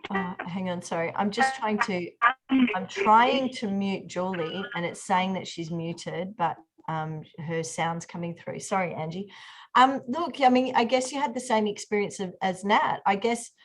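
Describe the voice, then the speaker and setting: A woman's voice: mid-range voice, measured pace. Chatty woman hosting a workshop. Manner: chatty, many fillers and restarts. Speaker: workshop host. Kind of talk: online group workshop. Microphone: video call.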